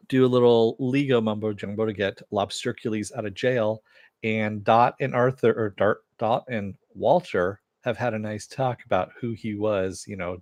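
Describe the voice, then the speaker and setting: A middle-aged man with a lowish voice casually recaps a TV episode and reads chat comments aloud. He rambles with plenty of "uh"s and chuckles. The sound is dry and close. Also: darkish tone, no room sound. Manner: rambling, many fillers, chuckles often. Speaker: TV show reviewer.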